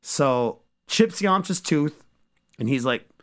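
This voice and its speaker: A man's voice: on the high side, slow pace. Profane, joking man recapping an episode. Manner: profane, joking, animated storyteller. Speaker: podcast host.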